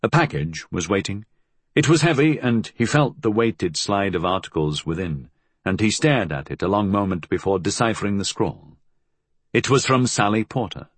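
Husky low-voiced male narrator. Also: no echo. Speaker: audiobook narrator. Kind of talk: scripted narration.

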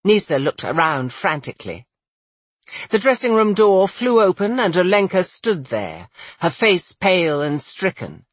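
An audiobook narrator reading a fantasy novel in a measured, expressive way. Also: medium pitch, no room sound. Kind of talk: scripted narration.

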